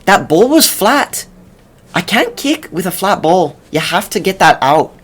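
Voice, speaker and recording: An upset young Australian punter, as a man puts on his voice, frustrated and pleading, pitched noticeably higher than the storyteller's own voice. He sounds flustered and keeps insisting he can't do his job. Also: very animated, unhurried, fairly bright tone, breathy edge, full character voice.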